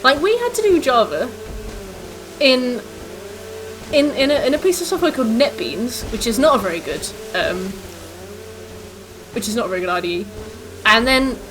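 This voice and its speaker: A woman's voice: on the high side, animated, moderate pace, long pauses, music in the background. A woman in her twenties, a streamer chatting casually with viewers while gaming, rambling with lots of fillers.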